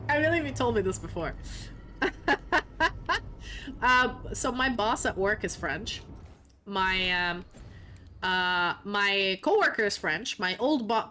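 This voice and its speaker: Young woman streamer joking around, bright lively voice, bit of room hum. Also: a little high. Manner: playful, swearing, laughing often. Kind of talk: casual gaming commentary.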